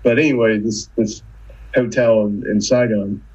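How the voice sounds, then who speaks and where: A man's voice: on the low side, fairly even intonation, normal speed, a little mellow, breathy edge, highs cut off. A man appearing as a guest historian and author, retelling events in a loose, conversational way. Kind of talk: casual interview chat.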